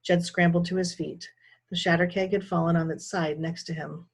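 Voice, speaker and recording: A woman, a teacher, reading a children's novel aloud with steady, expressive storytelling. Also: lowish voice, moderate pace, breathy edge.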